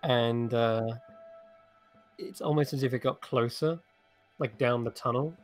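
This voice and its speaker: A man's voice: medium pitch, steady tone, unhurried, soft background music. A man running a tabletop game as game master, describing the scene in a loose, descriptive way.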